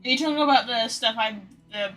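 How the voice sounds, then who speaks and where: A woman's voice: fairly high pitch, quick pace, fairly bright tone, soft background music. A woman streaming a video game, chatting casually, swearing freely and talking to her cat. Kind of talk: casual gameplay commentary.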